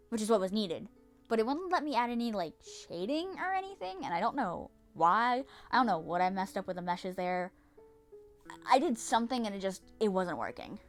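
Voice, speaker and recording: A young woman narrating her vlog in a casual, dramatic way, swearing and repeating herself often. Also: mid-range voice. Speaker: vlogger.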